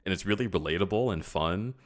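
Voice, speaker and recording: A man's voice: low-pitched, animated, fast. A man hosting a livestream, casually retelling scenes and acting out the characters he quotes. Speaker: livestream host. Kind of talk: casual chat.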